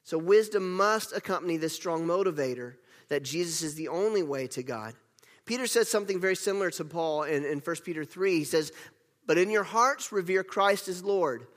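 High-voiced male pastor preaching emphatically. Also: in a large hall. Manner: earnest, emphatic preaching with self-deprecating asides. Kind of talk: sermon.

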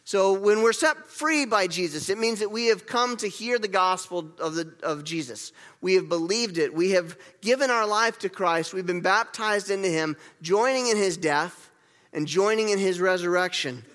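A man delivers a sermon in a high, bright voice, repeating key words and getting his congregation to join in. The sound carries a long reverb from the church hall around him. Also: moderate pace. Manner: lively, repeats key words, leads the congregation in gestures and call-and-response. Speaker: pastor.

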